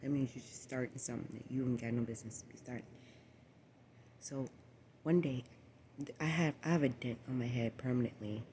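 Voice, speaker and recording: Low-voiced woman rambling, swearing freely. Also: fairly quick, pauses often, a little hiss or hum. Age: 20s. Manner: profane, repetitive, meandering storytelling; swings from low murmur to loud exclamations. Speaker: vlogger. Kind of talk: rambling personal monologue.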